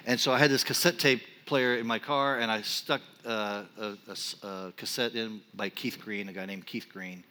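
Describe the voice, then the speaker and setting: Male pastor, fifties, bright forceful voice, storytelling sermon in a big echoing hall. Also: lowish voice, moderate pace, hardly any pauses. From Texas. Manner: storytelling, animated and self-deprecating. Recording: long reverb of a large hall.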